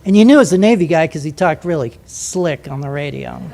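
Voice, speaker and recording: An older man, a former jet pilot, telling a story to an audience in a lively, vivid way. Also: sits high, fairly quick, a little hiss or hum.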